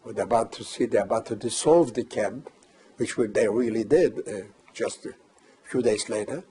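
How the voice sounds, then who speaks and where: An older man recounting a personal memory as testimony, measured and halting with pauses. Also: on the low side, warm tone, a little hiss or hum. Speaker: survivor giving testimony.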